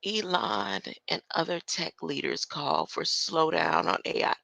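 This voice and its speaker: A woman's voice: low-pitched, normal speed, vocal fry, hardly any pauses, fairly bright tone, no room sound. An older woman in a casual livestream rant, confrontational and tossing in rhetorical questions as she goes. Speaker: online commentator.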